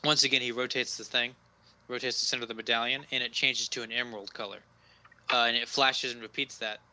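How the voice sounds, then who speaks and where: A male game master narrates a tabletop game in a relaxed, halting way, full of fillers. His voice is very bright and forceful and sits at an ordinary pitch. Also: poor audio.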